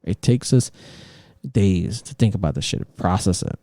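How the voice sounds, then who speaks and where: A man hosting a casual podcast, ranting in an animated way and swearing constantly. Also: low voice, measured pace, no echo. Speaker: podcast host. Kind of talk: casual opinion talk.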